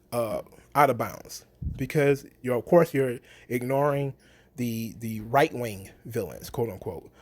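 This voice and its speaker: A man's voice: mid-range voice, a little mellow. A man in a casual opinion rant about wrestling, blunt, sarcastic and profane. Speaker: wrestling commentary vlogger.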